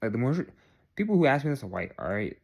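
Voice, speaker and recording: This young man talks fast and very animatedly, with a medium pitch, vocal fry, and a darkish tone. It's a direct-to-camera vlog monologue, earnest and repetitive, with points ending in "all right?"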